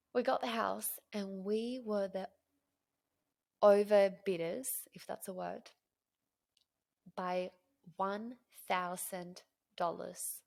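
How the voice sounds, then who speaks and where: A woman in her thirties, a podcast host telling a personal story in an animated, emotional way. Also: mid-range voice, slow, creaky, long pauses. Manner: animated, emotional storyteller who acts out dialogue.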